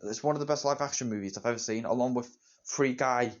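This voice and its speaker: A man's voice: mid-range voice, quick pace. A teenage boy, reviewing a movie in rambling, repetitive fan talk. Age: teens. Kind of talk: casual solo movie review. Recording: dull lo-fi home recording.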